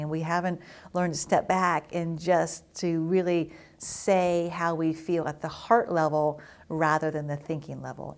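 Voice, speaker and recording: A woman's voice: low voice, gravelly, darkish tone. A middle-aged woman, a family therapist, explaining to parents in an earnest, instructive way. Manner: earnest, explanatory, acts out children's quotes. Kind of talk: educational talk to parents.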